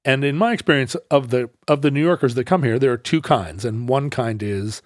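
A middle-aged man from the Seattle area telling casual anecdotes, sometimes acting out loud brash characters. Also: mid-range voice, brisk, few pauses, dry recording, clean studio sound. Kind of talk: casual storytelling chat.

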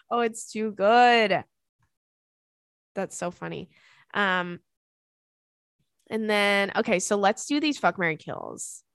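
A woman's voice: medium pitch, slow, long pauses, fairly bright tone, smooth, dry recording. A young woman hosting a podcast, reading out listener emails and chatting in a bubbly, crude, joking way, laughing often. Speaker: podcast host and stand-up comic.

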